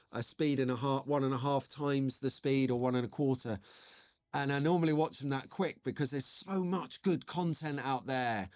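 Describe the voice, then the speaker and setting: A man's voice: medium pitch, no echo. A man hosting a live stream in a casual, jokey chat and reacting to viewer comments. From United Kingdom.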